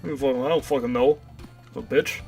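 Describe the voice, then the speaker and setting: A man's voice: medium pitch, steady tone, quick pace, darkish tone, soft background music, close to an everyday voice. A man putting on the voice of a guilty male dog, mumbling sheepish denials. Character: guilty, cagey male dog playing dumb.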